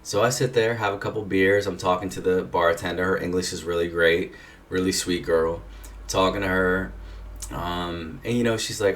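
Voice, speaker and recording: Deep-voiced man telling a rambling story. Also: fairly even intonation, moderate pace. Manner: profane, rambling, laid-back. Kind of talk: casual anecdote telling. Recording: distant mic with faint noise.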